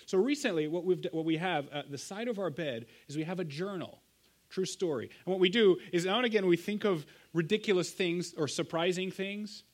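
Man, thirties, pastor, sermon, animated storytelling, rhetorical asides, slightly high voice.

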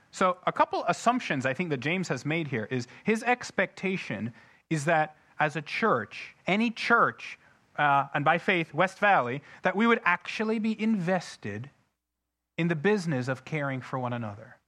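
A man's voice: a little high, very animated, normal speed, bright, forceful tone. A man preaching a sermon, reading scripture aloud with heavy emphasis and often putting questions to the congregation. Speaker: pastor.

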